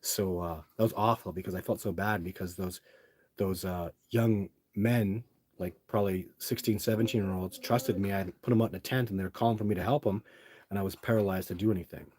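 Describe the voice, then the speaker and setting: A man's voice: deep voice, fairly even intonation, brisk, darkish tone, no room sound. A middle-aged man hosting a livestream, telling long rambling stories to his live chat with lots of restarts and fillers. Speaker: livestream host. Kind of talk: casual storytelling to a live chat.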